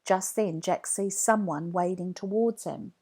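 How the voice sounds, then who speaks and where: A woman narrating a children's read-along storybook, slow, clear and expressive. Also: lowish voice. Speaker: storybook reader.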